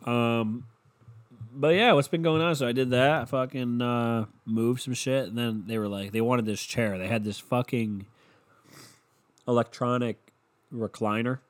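A man's voice: mid-range voice, steady tone, a little slow. Stuffy young guy with a cold, cussing and rambling on his podcast, mic right up close. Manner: profane, sarcastic, rambling. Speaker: podcast host. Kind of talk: casual solo podcast rant. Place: his room at home. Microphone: handheld mic held close to the mouth.

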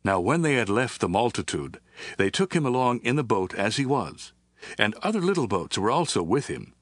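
A man doing a scripted Bible reading with a measured, even narration. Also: medium pitch, no echo, clean studio sound. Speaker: scripture reader.

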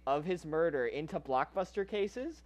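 A man's voice: a little high, lively intonation, normal speed, a little mellow. Chatty man laughing through a podcast. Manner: chatty, laughs often, restarts sentences. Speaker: podcast co-host. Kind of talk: casual film-discussion chat.

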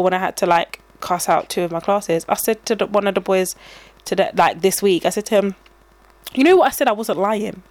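A woman's voice: mid-range voice, dry recording. A woman, co-hosting a podcast in casual chat, telling stories animatedly and acting out what people said. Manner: animated storytelling, acting out quoted dialogue. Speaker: podcast co-host and teacher.

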